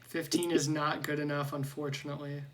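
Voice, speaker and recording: A woman running a tabletop game as dungeon master, speaking in halting bursts with frequent restarts. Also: sits low, flat delivery, a little hiss or hum. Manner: halting, restarts often with filler likes.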